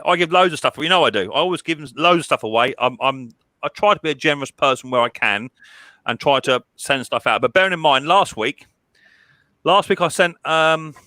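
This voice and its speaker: A man, hosting a casual livestream chat, chatty and quick to laugh, often repeating himself. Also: mid-range voice, bright, forceful tone, no room sound. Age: 30s. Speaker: livestream host.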